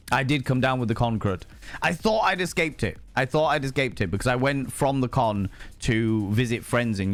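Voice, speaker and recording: Animated man streaming with faint music. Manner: animated, swears freely, jumps to high pitch for emphasis. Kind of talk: casual live-stream chat.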